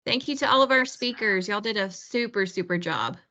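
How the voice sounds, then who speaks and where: A woman's voice: medium pitch, fairly quick, bright, forceful tone, dull audio. A woman organizes an online workshop and gives encouraging closing remarks, with some ums.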